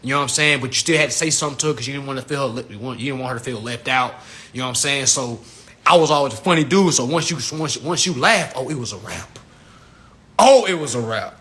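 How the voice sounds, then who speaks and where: A man on a casual livestream rant, slangy and animated, swinging from low mutters to shouts and laughing at his own jokes. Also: quick pace. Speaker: livestream host.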